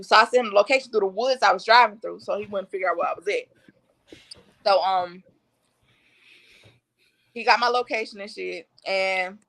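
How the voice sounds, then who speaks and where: Woman on a podcast telling her story straight, slangy and blunt, kinda gravelly voice. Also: mid-range voice, fairly bright tone. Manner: blunt, slangy, matter-of-fact recounting. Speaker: podcast guest. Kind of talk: candid personal storytelling.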